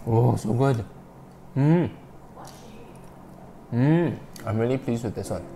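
A man's voice: medium pitch, takes it slowly, vocal fry, a little hiss or hum. A man hosting a casual cooking podcast, cooking and tasting as he talks and often breaking into delighted exclamations. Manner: excitable, bursts into delighted exclamations. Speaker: cooking show host.

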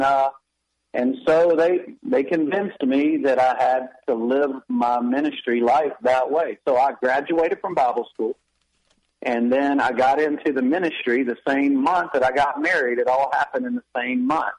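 A man's voice: medium pitch, darkish tone, low-quality recording. A man, a pastor and author, telling a candid, confessional personal story in a radio interview with wry self-deprecating humor.

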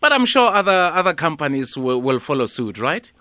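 Radio host guy, chatty and upbeat, bright high voice, dry studio sound. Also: very animated, brisk, no echo. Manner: chatty, upbeat, laughs easily. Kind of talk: radio show interview.

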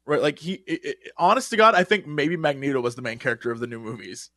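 A man co-hosting a podcast, chatting casually about superhero casting. He is animated and often trails off and restarts mid-thought. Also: medium pitch, quick pace, no room sound, studio quality. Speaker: podcast co-host. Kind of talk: casual pop-culture chat.

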